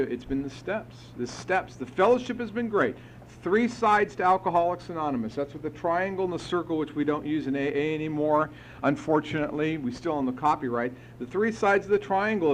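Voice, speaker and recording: A man's voice: fairly high pitch, a little hiss or hum. A middle-aged man sharing his story at a recovery meeting, speaking frankly and emphatically, with blunt swearing. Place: live meeting hall.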